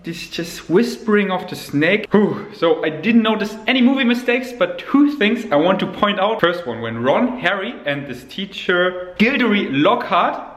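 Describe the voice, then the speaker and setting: A man's voice: high voice, normal speed. Playful man vlogging at home. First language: German. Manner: playful, jokey, animated asides. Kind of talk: casual daily vlog chat. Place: home kitchen indoors. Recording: roomy home camera audio.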